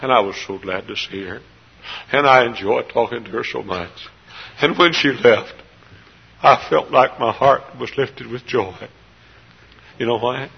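A middle-aged man from Texas, a pastor preaching a sermon in a church. He climbs into loud emotional peaks, then drops back to quiet, confiding storytelling. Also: mid-range voice, unhurried, creaky, long pauses, husky. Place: church sanctuary. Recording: dull lo-fi sermon tape.

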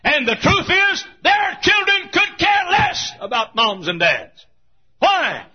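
A man preaching a sermon as pastor, emphatic, swinging between shouted points and hushed asides, with a husky voice. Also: very high-pitched, sing-song, takes it slowly. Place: church. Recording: dull lo-fi recording.

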